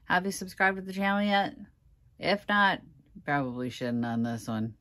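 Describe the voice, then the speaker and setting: A woman vlogging casually to camera about a furniture project, halting and sighing, on the verge of tears. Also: on the low side, expressive, a bit bright. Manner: halting, sighing, laughing through frustration. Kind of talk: casual vlog talking to camera.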